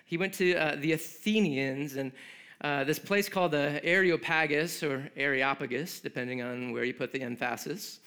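A man with a notably high voice delivers a sermon to a congregation. He talks loosely and conversationally, slipping in joking asides and a lot of "like" fillers between his points. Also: normal speed, fairly bright tone, clean tone. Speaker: pastor.

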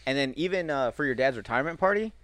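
A man's voice: mid-range voice, animated, fast, fairly bright tone, no echo. A young man as a podcast guest, telling eager stories in casual chat with some swearing.

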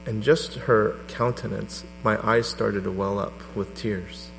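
A middle-aged man preaching a sermon to a congregation, telling a personal story with animated energy. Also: measured pace, gravelly. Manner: animated storytelling, voice rising to a high pitch in quoted prayers. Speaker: pastor. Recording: reverberant hall with mains hum.

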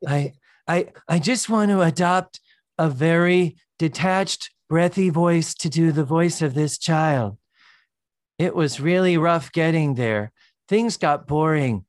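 A baby girl with a breathy, detached voice, pitched well above a grown man's, drifting through her thoughts from a sitcom, as a man puts her on. She sounds far off and dreamy. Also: slow, no echo, studio quality.

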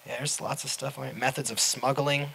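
A man's voice: medium pitch, flat delivery, a little fast, vocal fry, bright, forceful tone, a little hiss or hum, poor audio. A man co-hosting a podcast, chatting casually with dry humor and reading items off a list. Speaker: podcast co-host. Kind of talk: casual chat.

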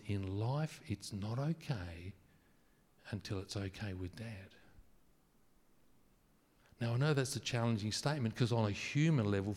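A man delivers a sermon in an earnest, heartfelt way, building up emphatically before dropping into a soft, intimate tone. His mid-range voice rings out in a large hall with a long reverb tail. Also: mid-range voice. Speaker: pastor.

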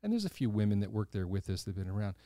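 A sixty-something man hosts a podcast, speaking rapid-fire in a lowish voice with no room sound and studio-quality audio. Animated and blunt, he swears casually while recounting a personal story and performing the voices of its characters.

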